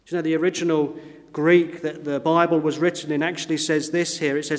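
A man preaching a sermon in an earnest style, slowing down whenever he quotes scripture. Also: on the high side, long reverb tail. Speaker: pastor. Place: church.

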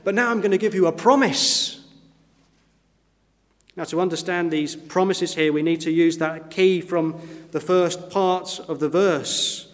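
A man preaching a sermon in an earnest style, slowing down whenever he quotes scripture. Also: a little high, long reverb tail. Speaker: pastor. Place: church.

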